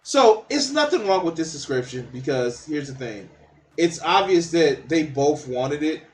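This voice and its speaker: A man's voice: a little high, big pitch swings, measured pace, soft background music. A man giving blunt, profane reaction commentary on a documentary clip, mocking and laughing at what he hears.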